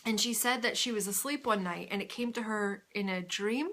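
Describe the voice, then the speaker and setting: Woman, podcast host, bright voice, middle pitch, casual chatty rambling, gushing, home recording. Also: normal speed. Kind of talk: casual video podcast chat. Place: indoors at home under a bright light.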